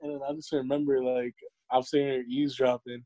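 A young man in casual talk, cursing freely as he acts out the people in his stories. His voice is mellow and dark, with little bite at the top. The sound is dry and close, with no room around it. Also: mid-range voice, fast, no room sound. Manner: profane, animated storytelling with acted-out quotes. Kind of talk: casual chat. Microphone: remote call audio.

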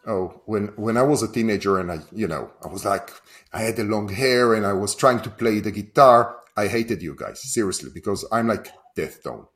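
A man's voice: lowish voice, expressive, normal speed, a bit bright. A man in his forties with an Israeli accent, a podcast host chatting in a loose, self-deprecating way. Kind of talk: casual interview chat.

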